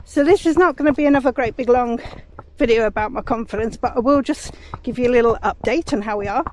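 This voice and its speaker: A woman chatting casually while walking her horse down a country lane outdoors, slightly out of breath and pausing to talk to the horse. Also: fairly high pitch, poor audio. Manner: chatty, talks to her horse between stories. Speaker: vlogger. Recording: outdoor recording with clear background noise.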